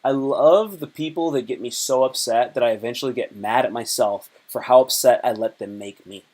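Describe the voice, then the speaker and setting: A man chatting loosely on a livestream, full of slang and asides. His pitch sits mid-range for a man. He rambles and jokes as he reads posts off his screen. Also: fairly quick, a little mellow. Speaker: livestream host. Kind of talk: casual chat.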